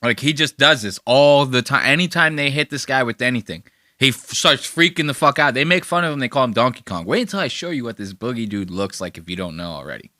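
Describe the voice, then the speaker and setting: A man hosting a podcast in casual reaction commentary, rambling along and swearing freely. His voice is bright and forward, and the recording is dry and close with no room around it. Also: medium pitch, lively intonation, fast talker, no echo. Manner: rambling and profane. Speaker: podcast host.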